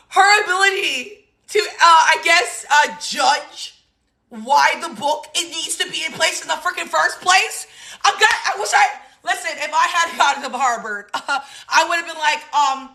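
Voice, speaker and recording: A woman in her thirties hosts her own talk show with a very high, bright voice. She talks in an animated, sassy way, laughing and exclaiming often as she gives casual political commentary. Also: unhurried, creaky. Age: 30s. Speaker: host.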